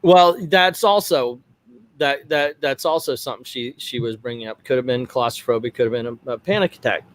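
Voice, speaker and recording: A man's voice: medium pitch, brisk. Middle-aged man rambling through a story. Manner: rambling, animated retelling. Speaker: vlog host. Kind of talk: casual storytelling vlog.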